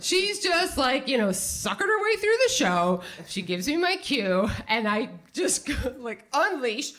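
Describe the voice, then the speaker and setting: A woman telling a funny personal story live on stage, animated and self-mocking, full of "like.". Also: sits high, a little slow. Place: small theater stage with audience.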